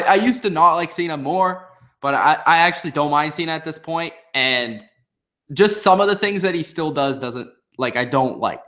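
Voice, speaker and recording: A man gives a casual, opinionated recap of a wrestling episode. His voice sits a little high and he talks freely, with plenty of ums and restarts. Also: fairly bright tone. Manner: chatty, opinionated, many fillers and restarts. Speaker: wrestling show reviewer. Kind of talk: casual commentary.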